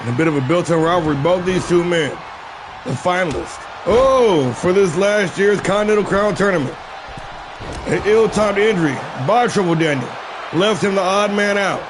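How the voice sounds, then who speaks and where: A man calling a wrestling video game live on stream, shouting the big moves and breaking off into profane asides to his viewers. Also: high-pitched, moderate pace, noisy background. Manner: excitable play-by-play with shouted calls and profane asides. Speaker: stream host and play-by-play commentator.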